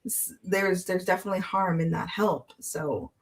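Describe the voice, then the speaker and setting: A woman's voice: lowish voice, fairly even intonation, moderate pace. A woman co-hosting a casual live-stream chat, talking freely as she loses her voice. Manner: chatty, reads viewer comments aloud. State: losing her voice. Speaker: podcast co-host.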